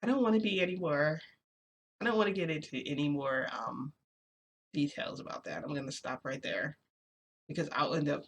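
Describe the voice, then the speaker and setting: Creaky-voiced vlogger rambling and venting. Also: medium pitch, normal speed, pauses often, a bit bright, a little hiss or hum. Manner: rambling and confessional, many fillers and restarts. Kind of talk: casual vlog chat, venting.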